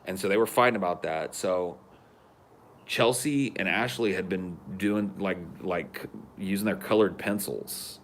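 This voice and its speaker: A man in his thirties telling a wild story as a podcast co-host in casual chat, cursing freely and acting out the quotes loudly. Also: sits low, a little slow, slight background noise. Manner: animated, swearing, acts out quotes loudly.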